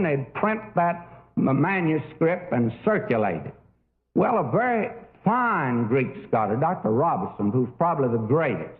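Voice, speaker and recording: An older man preaching a sermon in a folksy, storytelling way with many fillers. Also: mid-range voice. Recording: tinny phone-like old recording.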